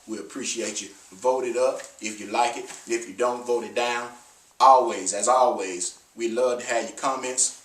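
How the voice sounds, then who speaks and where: A man's voice: mid-range voice, steady tone, moderate pace, fairly bright tone, reverberant, distant mic. A man reviewing commercials in a comedic vlog, talking animatedly with slang and frequent laughs.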